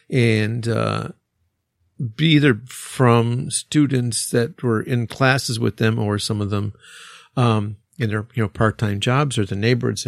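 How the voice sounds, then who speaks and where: A man's voice: mid-range voice, creaky, no room sound, clean studio sound. A man who teaches English, chatting casually and rambling with fillers and restarts. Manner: rambling, many fillers and restarts, laughs often. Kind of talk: casual podcast chat.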